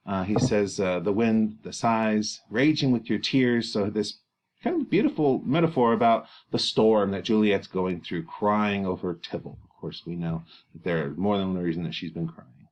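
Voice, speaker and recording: A man teaching, explaining a play to students in an animated way with exclamations. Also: low voice, normal speed, highs cut off.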